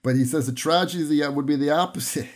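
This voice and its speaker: A man's voice: on the high side, a little fast. A man giving a Torah lesson on his podcast, telling stories and briefly acting out the people in them. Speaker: rabbi teaching on a podcast.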